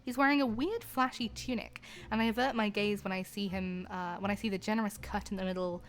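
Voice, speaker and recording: Excitable woman streamer reading a game. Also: mid-range voice, brisk. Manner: excitable, gushing between narration. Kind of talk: reading a romance game aloud with reactions. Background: faint game music.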